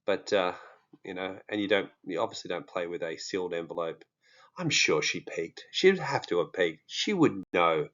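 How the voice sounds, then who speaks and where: A man's voice: low-pitched, lively intonation, normal speed, a bit bright, lo-fi sound. A man with an Australian accent, talking casually and jokingly to his viewers, with many fillers. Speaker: true crime vlogger. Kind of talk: casual monologue to camera.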